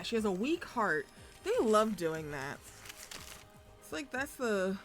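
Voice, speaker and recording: A woman streamer talks through a recap in a loose, rambling way, cursing often and stopping for fillers. Her voice sits at an ordinary middle pitch, with faint music underneath. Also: sharp tone. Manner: profane, chatty, rambling with fillers. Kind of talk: casual story recap.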